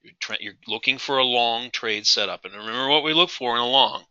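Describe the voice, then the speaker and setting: Man, trading instructor, live webinar, emphatic, repeats himself, very bright voice, dry close sound. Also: medium pitch, fairly quick, smooth, no room sound, highs cut off. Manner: emphatic, repeats key phrases, asks the audience questions.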